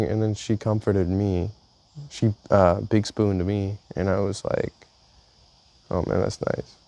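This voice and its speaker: Young man with a gravelly low voice. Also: dark tone. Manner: casual storytelling, halting with restarts. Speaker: vlogger. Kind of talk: reading a personal journal aloud.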